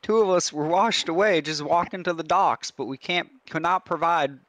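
A man's voice: on the high side, moderate pace, a bit bright, dry recording, pitched above the performer's own voice, lightly acted. A man voicing a poor male fisherman with a put-on Southern US accent, drawling and pleading for help. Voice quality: drawling, breaking into laughs.

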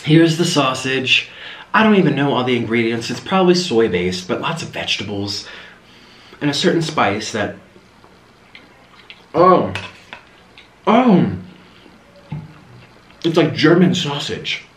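A man's voice: mid-range voice, very animated, a little slow, pauses often, a bit bright. A young man hosting an eating show, chatting casually and rambling between bites at home. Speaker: mukbang host. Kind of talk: casual chat while eating on camera. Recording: roomy echo.

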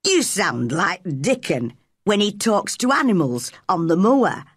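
Brief: gruff, lonely old moorland gardener, put on by a woman reader, low and blunt, slow, husky, dry sound. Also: sing-song, dry recording, full character voice. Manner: blunt, plain-spoken.

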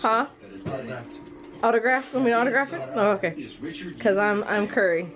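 A woman's voice: on the high side, moderate pace, lo-fi sound, over music. A woman vlogger at a family gathering, coaxing her dog in a playful way. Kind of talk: casual home vlog. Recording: noisy room full of family chatter.

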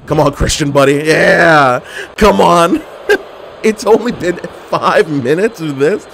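A man's voice: fairly high pitch, takes it slowly, gravelly, a bit bright, slight background noise. A young man giving live gameplay commentary, trash-talking his opponents and getting exasperated with the match. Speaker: gaming commentator.

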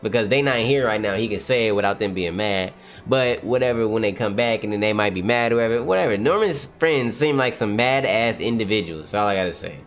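A man reading a manga aloud on a livestream and reacting, animated, often exclaiming and laughing. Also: lowish voice, a little fast, faint music behind.

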